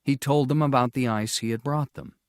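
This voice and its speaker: A man narrating a storybook audiobook in a slow, measured, clear reading style. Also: medium pitch, steady tone, no room sound.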